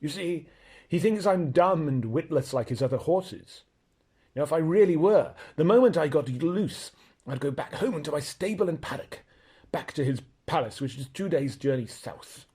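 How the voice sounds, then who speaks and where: A man reading aloud, voicing a proud and blunt talking male horse who lectures in a brisk, scornful way. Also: a little high, animated, darkish tone, slightly rough. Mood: planning.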